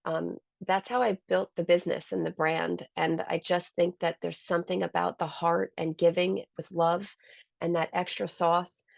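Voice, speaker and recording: A woman's voice: on the low side, little pitch movement, moderate pace, gravelly, no room sound. A woman who owns a salon, telling heartfelt stories as a guest in a conversational interview. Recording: dull, lo-fi dry sound.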